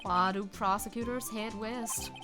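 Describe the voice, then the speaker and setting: A woman's voice: medium pitch, steady tone, a little slow, natural voice. A woman reading the lines of a laid-back male cowboy detective in an easygoing drawl, over faint game music.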